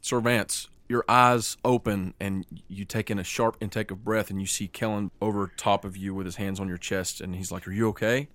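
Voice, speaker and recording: Man, game master, low voice, vivid scene narration. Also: level tone, a bit bright, dry recording. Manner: vivid, descriptive narration with quick rules calls.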